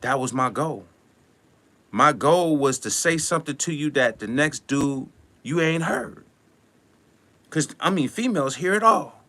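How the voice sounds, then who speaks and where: Animated man giving a preachy rant. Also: on the high side, measured pace, long pauses. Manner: animated, preachy, acts out little scenes. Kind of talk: motivational rant.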